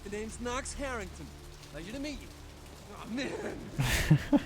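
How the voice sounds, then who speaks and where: An actor playing an overeager young male ghoul in a video game, talking in a breathless, stammering rush of excitement. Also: high voice, unhurried, noisy background, full character voice. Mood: excited.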